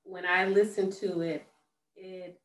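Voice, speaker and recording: A woman hosting an interview, speaking slowly and affirming her guest with soft murmurs of agreement. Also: lowish voice, little pitch movement. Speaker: host. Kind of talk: supportive interview chat. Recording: roomy echo, distant mic, faint noise.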